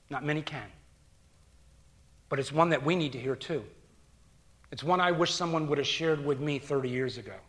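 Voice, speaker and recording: Preaching with earnest conviction, this middle-aged male pastor has a voice on the high side. He swings from soft, almost whispered passages to loud, forceful outbursts.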